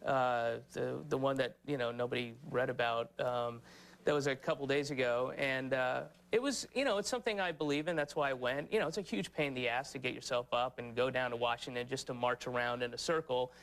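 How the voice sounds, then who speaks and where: A man's voice: mid-range voice, fairly quick, fairly bright tone, clean tone. Sardonic comedian man, rambling chat. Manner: sardonic, rambling, mocking impressions. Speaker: comedian guest. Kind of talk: talk show chat. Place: TV studio with live audience.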